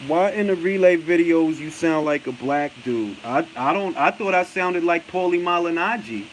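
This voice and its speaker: Brief: New York-accented male boxing talk host, lively high voice, blunt and profane, laughs a lot. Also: moderate pace, a little hiss or hum, poor audio. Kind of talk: casual commentary, answering viewer comments.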